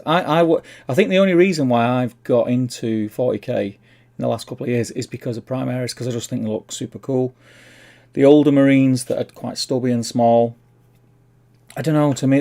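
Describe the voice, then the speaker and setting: A Mancunian man hosts a relaxed livestream in a low, gravelly voice with a warm, mellow tone. He rambles along with easy, chummy asides between comments. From Manchester, England. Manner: rambling, reads chat aloud, chummy "mate". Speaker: livestream host. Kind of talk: casual livestream chat.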